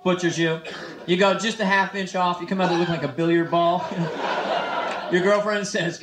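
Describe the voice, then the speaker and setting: A man in his twenties from San Francisco doing a live stand-up set, teasing the crowd quickly and playfully. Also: high-pitched. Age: 20s. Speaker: stand-up comedian. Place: comedy nightclub stage. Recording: echoey club, noisy old live tape. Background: audience laughter.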